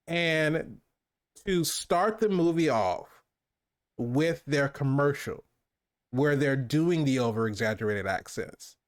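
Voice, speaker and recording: A man's voice: on the high side, animated, slow pace. Guy rambling through a movie review, lots of um and you know, restarts a lot. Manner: rambling, many restarts and fillers. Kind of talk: casual movie review chat.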